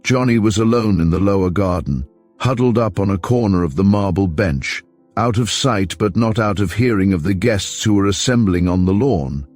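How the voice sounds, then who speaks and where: A male audiobook narrator with a very deep voice tells the story in a measured, steady way, with soft music playing faintly beneath him.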